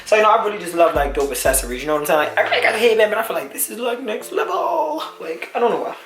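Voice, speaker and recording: A man's voice: fairly high pitch, lively intonation, very fast, a bit bright. A man in his twenties rambling and joking through a casual unboxing vlog, full of slang. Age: 20s. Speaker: vlogger. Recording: roomy echo, faint music.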